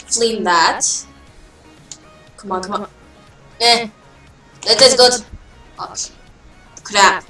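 Woman, gaming commentary, unhurried delivery, excitable and self-mocking, faint music behind. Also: medium pitch. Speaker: gaming channel host. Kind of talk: casual gameplay commentary.

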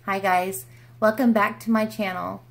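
A woman's voice: mid-range voice, level tone, measured pace, gravelly. A woman chatting through a makeup tutorial in her room at home, in a bubbly, rambling way. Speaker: beauty vlogger. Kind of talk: casual makeup tutorial chat.

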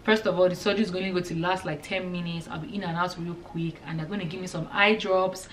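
A woman in her thirties from Nigeria with a Nigerian accent, telling a lively storytime vlog and acting out the dialogue. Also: lowish voice, fast talker, recorded from a distance, slight background noise. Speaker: vlogger.

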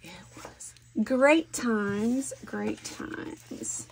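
A woman chatting casually while she works on a scrapbook layout at home. She is animated, thinks aloud and laughs often. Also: on the high side, very slow, noisy background. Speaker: scrapbooking vlogger. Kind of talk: casual chat while crafting.

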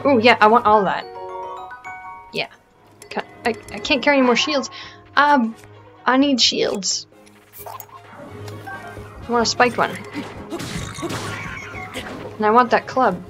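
A woman's voice: a little high, animated, a little slow, long pauses, fairly bright tone, faint music behind. A Canadian woman giving casual, self-mocking commentary over a video game, often dropping to a whisper while sneaking. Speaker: let's play gamer.

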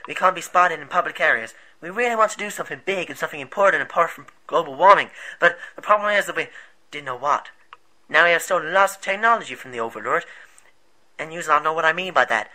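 An eager rebel leader, played by a man, explains at length in a bright, slightly high voice. The delivery is earnest and rambling, like amateur movie acting. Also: poor audio.

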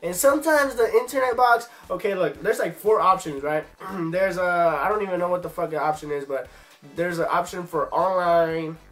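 A man's voice: high voice, moderate pace, fairly bright tone, faint music behind. A young man ranting casually in a vlog, frustrated and swearing, rambling with lots of fillers, a bit sick with a cough. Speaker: vlogger.

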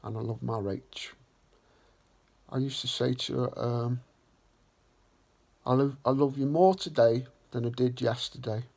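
A man hosting a vlog, talking slowly and earnestly in a reflective way. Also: mid-range voice, fairly even intonation, vocal fry, darkish tone, breathy edge. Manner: slow, earnest and heartfelt. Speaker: vlog host.

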